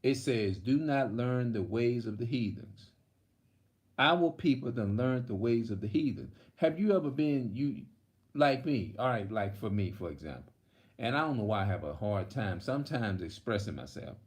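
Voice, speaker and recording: A man's voice: medium pitch, animated, moderate pace, darkish tone, echoey room. A man preaching in a rambling, heated, profane monologue. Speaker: religious video host.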